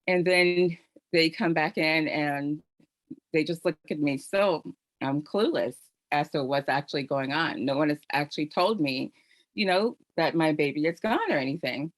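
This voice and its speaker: A middle-aged woman with a lowish voice shares a personal story on an online panel. Her delivery is earnest and heartfelt, with plenty of conversational fillers. The sound is dry and close, as if from a video call microphone. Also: normal speed, no echo. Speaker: panel host sharing her own story. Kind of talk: personal testimony on a virtual panel.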